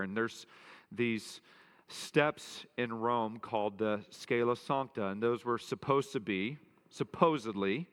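A man delivers an earnest sermon as a pastor, leaning on emphatic repetition to drive his points home. His mid-pitched voice rings out with a long hall reverb trailing behind each phrase. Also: fairly bright tone.

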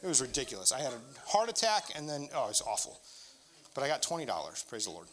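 A man's voice: mid-range voice, very animated, quick pace, a bit bright. A middle-aged male pastor preaching a sermon in a candid, conversational storytelling way.

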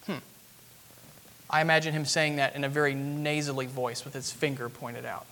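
High-voiced preacher in an echoing sanctuary. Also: male voice, brisk, fairly bright tone. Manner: earnest expository preaching, rising emphatic at climaxes. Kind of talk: sermon. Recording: long hall reverb.

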